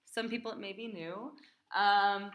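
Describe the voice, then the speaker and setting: A woman cantor teaching a class, speaking in a lively, emphatic way and chanting the names of the marks. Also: mid-range voice, unhurried. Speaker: cantor teaching Torah reading.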